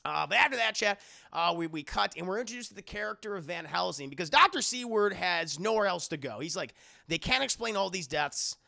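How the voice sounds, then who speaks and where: A man giving a rambling, profane, animated spoken film recap as a streamer. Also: high voice, fast talker, vocal fry. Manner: rambling, profane, animated, many fillers and restarts.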